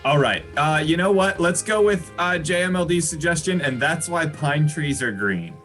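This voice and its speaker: A man improvising a rambling comedy story on a live stream, animated and laughing at his own jokes. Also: fairly high pitch, moderate pace, faint music behind.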